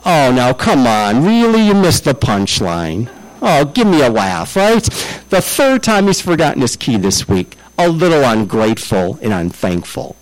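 Lively, animated male pastor preaching. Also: mid-range voice, unhurried, poor audio. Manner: storytelling with frequent restarts and repeated words. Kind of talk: sermon.

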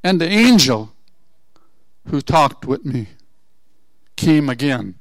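A man preaching a sermon, telling a Bible story with asides and rhetorical questions, moving from low murmurs to loud exhortation. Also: big pitch swings, slow pace, dry recording. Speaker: pastor.

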